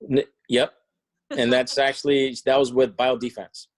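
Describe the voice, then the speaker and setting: A man speaking as a company representative on a group video call, in a halting way that repeats and restarts words. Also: medium pitch, little pitch movement, low-quality recording. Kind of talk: product talk in a group call.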